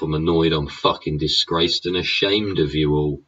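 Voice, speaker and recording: A man's voice: a bass voice, steady tone, normal speed, fairly bright tone, slightly rough, distant mic. An English man in a sweary, sneering political rant, throwing in "yeah?" and "innit?" as he goes. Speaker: vlogger. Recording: dull sound, away from the mic.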